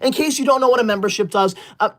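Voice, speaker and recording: A woman's voice: a little high, fast talker, a bit bright. Mock-outraged woman livestreamer. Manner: mock-indignant, scolding viewers in a theatrical huff. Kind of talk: livestream chat with viewers.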